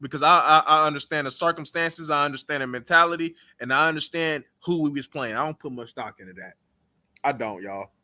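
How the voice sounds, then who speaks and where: A young man with a high, very bright and forceful voice rants about football on his own talk show. He is blunt and heated, calling players out in a loose, casual sports-reaction style. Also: a little fast. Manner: blunt, trash-talking, heated.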